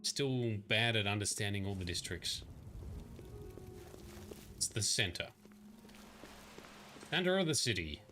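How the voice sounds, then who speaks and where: A man's voice: lowish voice, big pitch swings, unhurried, pauses often, over music. A man livestreaming a game with casual, chatty commentary, laughing often.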